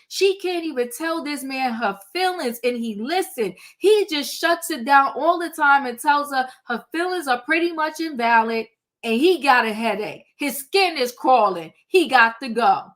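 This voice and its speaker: A woman's voice: high voice, fairly bright tone. A woman hosting a live reality TV recap, emphatic and opinionated, calling on her co-hosts. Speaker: livestream host.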